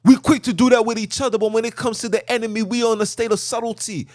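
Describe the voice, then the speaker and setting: A man with a notably high voice delivers a fervent, preachy rant while sitting in a car. He sounds agitated and keeps repeating himself for emphasis. The sound is close and dry, with almost no room echo. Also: fairly even intonation, fast talker, a little mellow. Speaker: podcast host. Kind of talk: impassioned rant.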